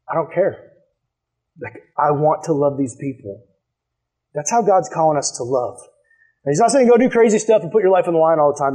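A male pastor preaching a sermon, telling a personal story with animated, acted-out dialogue before reading scripture. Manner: animated storytelling, acts out quotes in a higher voice.

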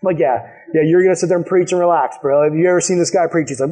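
A man preaching to his congregation with a notably high voice. He tells stories animatedly, jumping into the voices of the people he quotes, then settles into reading scripture aloud. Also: rapid-fire. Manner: animated storytelling, acts out quotes in a higher voice. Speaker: pastor. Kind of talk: sermon with personal story.

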